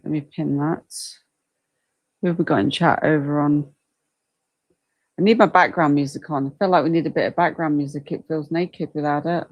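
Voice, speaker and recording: A woman's voice: low-pitched, steady tone, normal speed, no room sound, muffled recording. A woman hosting a casual livestream, chatting and reacting aloud to viewer comments at her desk mic. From United Kingdom. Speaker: livestream host.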